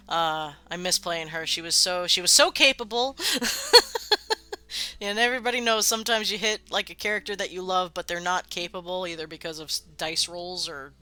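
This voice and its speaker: Super bright crisp voice, rambly stream host who laughs and swears a lot, faint music behind. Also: mid-range voice, no room sound. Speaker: streamer running a worldbuilding game stream. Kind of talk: casual live-stream chat.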